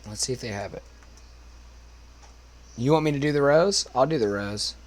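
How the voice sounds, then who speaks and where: Between karaoke numbers, a young male streamer talks casually to his chat, wandering from topic to topic and cursing often. He speaks at a normal speed in a mid-range voice roughened by smoking.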